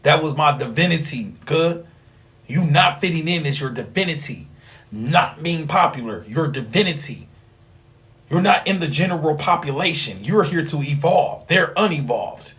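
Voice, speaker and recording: A man holds forth on a casual livestream. His voice sits a bit high for a man, and he rambles in a loose, slang-heavy, profane way. He lectures his viewers like a street preacher. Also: lively intonation, moderate pace, fairly bright tone. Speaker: livestream host teaching occult class.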